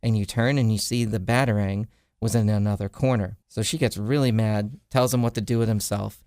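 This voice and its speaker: A man's voice: lowish voice, steady tone, brisk, a little mellow, clear, resonant tone, dry recording, clean studio sound. A man hosting a podcast, casually retelling a comic storyline with lots of "uh" fillers. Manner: rambling retelling with frequent "uh" fillers. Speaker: podcast host.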